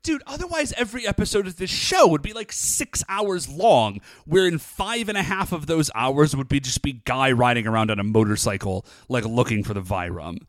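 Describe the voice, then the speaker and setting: A man's voice: mid-range voice, moderate pace, hardly any pauses, no echo, studio quality. A man co-hosting a podcast, chatting casually as he recaps a TV episode with lots of "like" and "uh". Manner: animated, chatty, lots of fillers. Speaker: podcast co-host.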